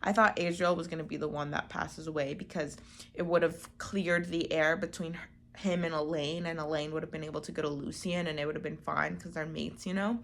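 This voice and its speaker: A woman's voice: fairly low pitch, a bit bright. Chatty, emotional woman book vlogger. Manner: chatty, emotional, dramatic reactions. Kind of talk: casual reading vlog.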